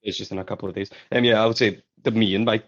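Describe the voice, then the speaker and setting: Deep-voiced man player, muffled mic. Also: steady tone, very fast. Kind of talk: casual in-character play.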